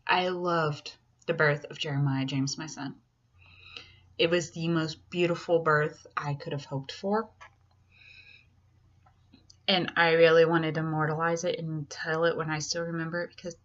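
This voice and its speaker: A young woman casually telling the story of her son's birth, chatty and candid, acting out other people's lines with big leaps in pitch. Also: fairly even intonation, measured pace, long pauses, fairly bright tone, highs cut off. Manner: candid and self-deprecating.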